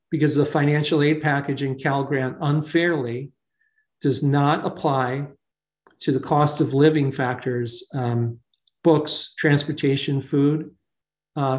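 A man's voice: a little high, a little mellow. A man leading a staff meeting over a video call, thinking aloud with fillers. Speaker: meeting leader. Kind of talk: online staff meeting discussion.

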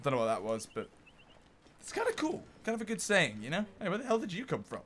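A young man giving excitable gameplay commentary, yelling at enemies and laughing as he plays. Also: high-pitched, quick pace, a little hiss or hum. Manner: excitable, swears mildly, often laughs and yells at enemies. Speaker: gaming YouTuber.

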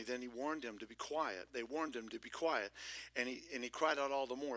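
A man preaching a lively sermon as pastor of a church, shifting between loud exclamations and hushed whispers with playful asides. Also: medium pitch, fast. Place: church sanctuary.

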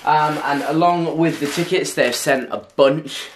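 A young man chatting excitedly in a casual fitness vlog from home. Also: fairly high pitch, a little slow, a little hiss or hum. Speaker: fitness vlogger. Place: at home indoors.

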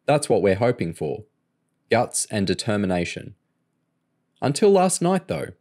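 A man voicing a calm, commanding male crime boss, speaking in an even, firm way. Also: on the low side, measured pace.

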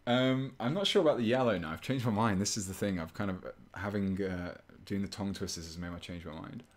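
A live-stream host with a fairly low voice talks fast as he paints. His chatter is casual and rambling, playful and self-mocking, as if he is thinking out loud.

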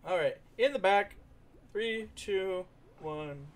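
A man's voice: high-pitched, takes it slowly, a little hiss or hum. A young man giving playful, casual commentary over a game he is playing, singing along and slipping into goofy voices. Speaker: gaming streamer.

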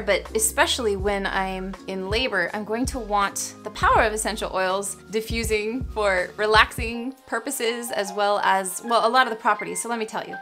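A woman's voice: fairly high pitch, a bit bright. Bubbly young woman gushing to camera. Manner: bubbly and gushing, laughs often. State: pregnant, a little out of breath. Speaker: vlogger. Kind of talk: casual product chat to camera.

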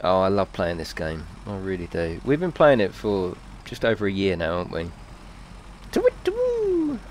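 A man's voice: sits low, fairly quick, slight background noise. A man live-streaming a video game, chatting playfully with his viewers, reading their messages aloud and laughing often.

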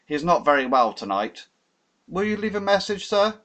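A prim servant answers the telephone in a raised, carefully polite voice. A man reads him, lifting his pitch well above his natural register. The manner is formal and deferential, suited to a classic audiobook. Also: very animated, normal speed, fairly bright tone, full character voice. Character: stiff male butler on the telephone.

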